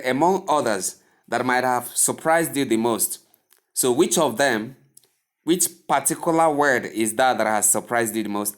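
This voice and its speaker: A male pronunciation teacher with a Nigerian English accent speaks slowly and deliberately. He sets words side by side in a formal, classroom manner, his voice sitting at an ordinary middle pitch. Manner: formal, repeats words with careful contrasts. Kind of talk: slow deliberate pronunciation lesson.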